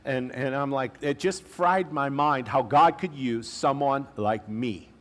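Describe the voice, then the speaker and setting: A male pastor preaching a sermon in a conversational way, with casual asides and slang, slowing down to stress key phrases. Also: mid-range voice.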